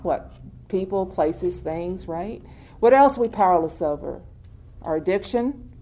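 A woman's voice: fairly low pitch, animated, unhurried, mellow. A woman speaking at a recovery meeting, talking informally to a group, asking them questions and laughing often. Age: adult with many years in recovery. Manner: conversational, quizzes the audience, laughs often.

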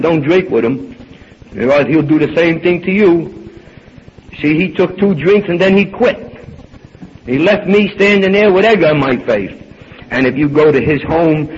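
A man's voice: fairly high pitch, slightly rough. Older man telling his story, lo-fi. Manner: animated storyteller, acts out dialogue, swings between loud and hushed. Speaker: speaker at a recovery meeting. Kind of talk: personal storytelling talk. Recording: dull lo-fi recording with faint hiss.

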